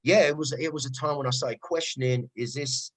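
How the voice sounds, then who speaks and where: Middle-aged cockney guy, old rave mc, chatty and animated, keeps going "right?". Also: on the high side, a little fast, rough recording. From East London. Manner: animated storyteller, frequent "right?" asides. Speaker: rave MC guest. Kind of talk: casual interview chat.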